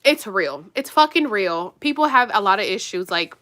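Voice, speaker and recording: Bright-voiced young woman ranting. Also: mid-range voice, normal speed. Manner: animated, blunt and profane, drops to mutters. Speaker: vlogger. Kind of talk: casual get-ready-with-me rant.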